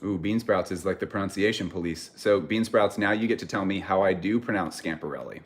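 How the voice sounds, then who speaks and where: An American man with a very deep voice chats casually with viewers on a livestream. He rambles, stops to correct himself and often trails off into laughter. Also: a little fast. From United States. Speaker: streamer chatting with viewers.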